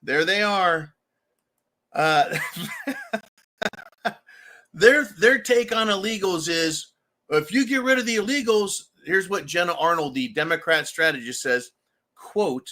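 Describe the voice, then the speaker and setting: A man hosting a livestream commentary show, talking in a loud, ranting way and laughing often. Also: high-pitched, expressive, a little slow, long pauses. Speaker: show host.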